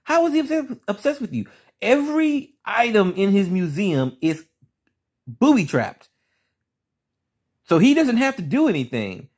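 A man's voice: high voice, slightly rough. A man reviewing a cartoon episode in a casual pros-and-cons video, blunt, profane and ranting. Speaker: show reviewer.

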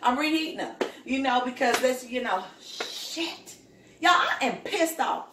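A high-voiced woman vents her anger straight to her viewers, blunt and profane, calling them "y'all". She sounds set back from the mic, and her voice rings around an echoing home kitchen. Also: animated, measured pace, a bit bright, distant mic, slight background noise. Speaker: vlogger. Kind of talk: heated rant to camera.

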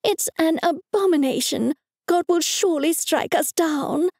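Woman doing a shrill, scolding pious mother. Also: measured pace, a little mellow, dry recording, studio quality. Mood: indignant. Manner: shrill, indignant.

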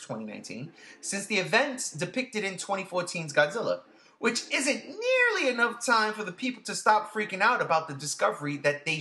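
A man hosting a casual podcast, gushing with excitement, swearing freely and repeating himself. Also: high voice. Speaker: podcast host.

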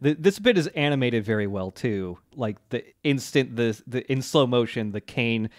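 A man's voice: medium pitch, normal speed, no room sound. Male podcast co-host, easygoing recap, close dry mic. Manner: relaxed storytelling with fillers, laughs along. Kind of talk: casual chat recapping an anime.

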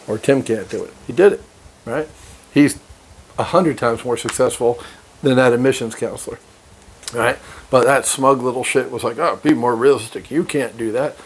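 Brash profane man reading and ranting. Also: medium pitch. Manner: brash, profane, fired-up, laughs often. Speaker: reader and commentator. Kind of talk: reading aloud with profane motivational commentary.

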